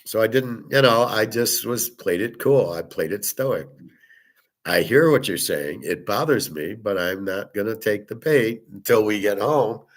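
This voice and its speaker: A man's voice: on the low side, lively intonation, unhurried. Blunt, profane man telling a story. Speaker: host. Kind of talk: casual monologue.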